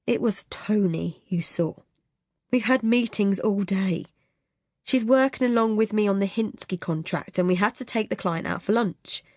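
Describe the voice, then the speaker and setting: A woman's voice: mid-range voice, normal speed, darkish tone, no room sound, clean studio sound, lightly acted. A woman reading the part of a tired, exasperated husband who snaps and swears when pushed. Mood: weary. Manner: weary, curt, swears when cornered.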